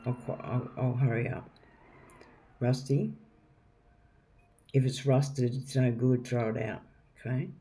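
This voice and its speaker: A man's voice: mid-range voice, steady tone, slow, pauses often, warm tone. A man giving a casual tarot reading at home, chatty and rambling, calling the viewer darling. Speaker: tarot reader. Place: home, with a noisy neighbour drilling nearby. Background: faint drilling and household noise.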